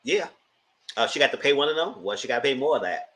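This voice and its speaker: A man hosting a live TV review, giving sassy, animated commentary straight to his viewers. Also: mid-range voice, fast, poor audio. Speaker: TV review host.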